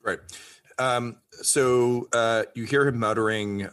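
A man's voice: mid-range voice, fairly even intonation, slow pace, a bit bright, clear, resonant tone. A man running a tabletop game as game master, narrating playfully and jokingly.

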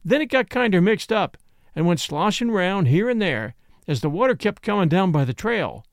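A man's voice: high-pitched, sing-song, normal speed, no room sound, studio quality. A man voicing a frontier man who tells the tale in a drawling backwoods dialect.

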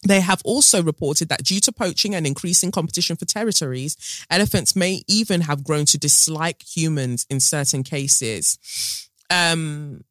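A chatty woman host reads a news article aloud, stopping for asides and "um"s and tripping over unfamiliar names. Her voice is bright and forward. The recording is close and dry. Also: sits low, normal speed, no echo. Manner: chatty, filler-heavy, stumbles over names while reading. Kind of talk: casual chat, reading a news story aloud.

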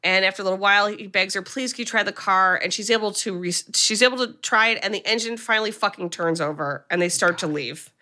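A woman with a bright, clear voice, chatting casually as a podcast co-host. She walks through a film's plot in a chatty way, swears casually and quotes the characters with small shifts in her voice. Her pitch sits in the middle range. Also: fast talker, few pauses. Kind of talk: casual chat, retelling a film plot.

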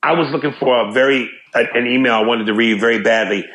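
A man's voice: medium pitch, fast, fairly bright tone, reverberant. A man co-hosting a podcast in casual, profane, rambling chat. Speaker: podcast co-host.

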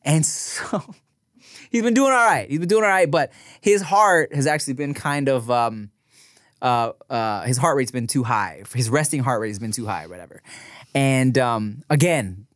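A man co-hosting a casual comedy podcast, telling a story in an animated way, swearing and laughing often. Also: medium pitch, moderate pace, no echo, clean studio sound. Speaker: podcast co-host.

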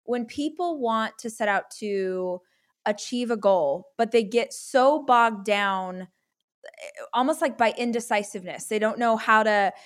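A woman hosting a podcast in a casual, enthusiastic chat with her guest. Her voice sits a little high and she gushes over what he says. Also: unhurried. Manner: enthusiastic, gushing. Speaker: podcast host.

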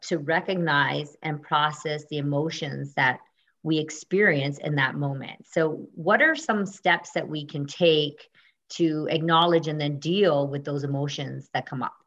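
A woman's voice: sits low, unhurried, fairly bright tone, muffled recording. A woman hosting a radio talk show, asking questions in an encouraging way.

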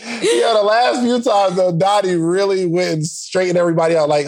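A man's voice: high-pitched, steady tone, moderate pace, a little mellow. A man co-hosting a podcast in casual chat, laughing a lot and teasing playfully. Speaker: podcast co-host.

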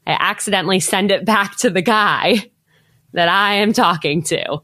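A woman's voice: mid-range voice, moderate pace, pushed and bright, no room sound, studio quality. A woman hosting a podcast, chatty and upbeat, with lots of filler "like". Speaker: podcast host. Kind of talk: casual podcast chat.

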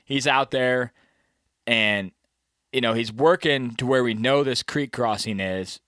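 Slangy, animated man telling a hunting story. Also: medium pitch, measured pace, no room sound, clean studio sound. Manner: animated storyteller, acts out the deer's thoughts; slangy, peppered with "you know what I mean". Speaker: bowhunter recounting a hunt. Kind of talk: casual chat.

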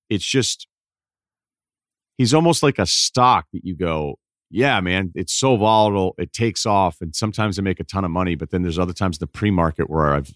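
A man's voice: fairly low pitch, dry recording, clean studio sound. Argumentative male sports podcast host. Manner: argumentative, rattling off stats in quick bursts. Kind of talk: opinionated sports talk monologue.

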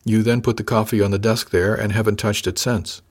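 A man's voice: lowish voice, flat delivery, fairly quick, close to an everyday voice. A man voicing a wry young female ship officer who teases with a drawl in a science fiction audiobook. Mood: teasing. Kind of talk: audiobook character voice.

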